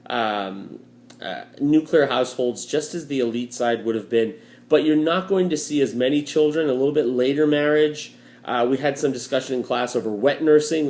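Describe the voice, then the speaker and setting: A man walks through a history lesson in a relaxed, chatty tone, tossing in wry asides. His voice sits at an ordinary middle pitch. The home recording has a noticeably roomy echo. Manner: casual, joking asides, many uh fillers. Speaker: history teacher. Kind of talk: recorded lecture walkthrough. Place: home room with a dryer running.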